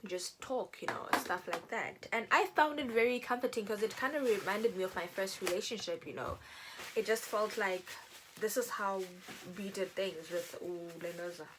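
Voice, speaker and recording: Young woman vlogger, casual storytelling, animated, faint noise in the background. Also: medium pitch, normal speed. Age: young adult. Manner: chatty, animated, acts out quoted people. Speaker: beauty vlogger. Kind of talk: casual storytelling while doing makeup.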